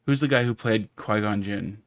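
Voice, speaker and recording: A man's voice: on the low side, normal speed, no echo. A man chatting casually on a gaming stream, rambling wryly and searching for words. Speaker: co-player reading chat.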